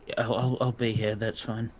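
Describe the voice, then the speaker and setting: A man's voice: mid-range voice, flat delivery, moderate pace, a little hiss or hum. A man playing a tabletop role-playing game, speaking tersely and matter-of-factly. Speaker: player. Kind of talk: in-character tabletop play.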